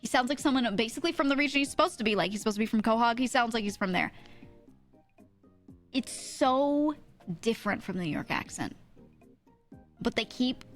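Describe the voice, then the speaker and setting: A woman's voice: on the high side, animated, a little fast, long pauses, faint music behind. Chatty streamer woman from New Jersey. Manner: chatty, laughs often, reads chat aloud. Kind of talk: casual chat with stream chat.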